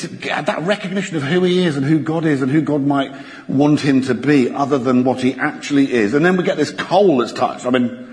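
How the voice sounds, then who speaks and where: A man preaching a sermon in a church, expressive and animated, slowing down dramatically for emphasis. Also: fairly high pitch. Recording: church hall reverb.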